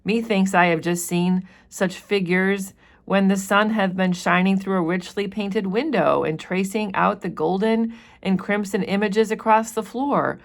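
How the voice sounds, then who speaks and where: A woman reading the lines of a kindly old male Puritan minister in archaic, wondering speech, a little higher than her own voice. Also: steady tone, unhurried, close to an everyday voice. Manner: archaic, wondering read-aloud.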